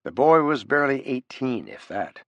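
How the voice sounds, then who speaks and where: Animated male audiobook narrator. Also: medium pitch, moderate pace, dry recording, dull audio. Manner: animated, expressive reading. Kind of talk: scripted narration.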